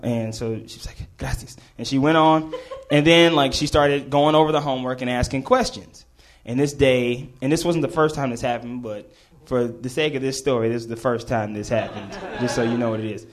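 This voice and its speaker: A man's voice: medium pitch, fairly quick. A man telling a comedic story to a live audience, laughing and acting out the voices of the people in it.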